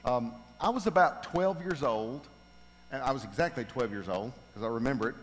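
A middle-aged man telling humorous family stories to a congregation, animated and building to loud, laughing punchlines. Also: medium pitch, fairly quick, a little hiss or hum. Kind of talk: humorous personal storytelling. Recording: long reverb of a large hall.

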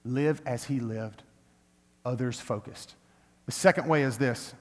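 An earnest male pastor speaks at an ordinary middle pitch, mixing a casual storytelling tone with bursts of emphatic preaching. His voice rings out with the long reverb of a large church hall. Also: a little slow. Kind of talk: sermon with personal story.

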